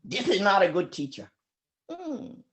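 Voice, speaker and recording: A woman in her seventies recounting memories of her teacher in an emotional, pausing storytelling manner. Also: medium pitch, very animated. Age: 70s. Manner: emotional, pausing, acts out voices in her stories. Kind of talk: reflective storytelling talk.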